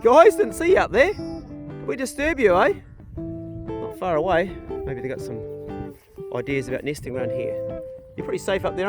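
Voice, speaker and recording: Middle-aged kiwi bloke chatting to his dogs outside, folksy and meandering. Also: fairly high pitch. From New Zealand. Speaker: vlogger and hunter. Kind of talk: casual outdoor vlog chat. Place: outdoors on a farm.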